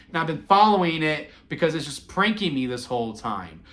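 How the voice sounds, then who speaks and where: A man in his twenties telling wrestling memories in a casual, sentimental vlog, excitable and full of fillers and restarts. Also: fairly high pitch, normal speed. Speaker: wrestling vlogger. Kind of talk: casual rambling storytelling.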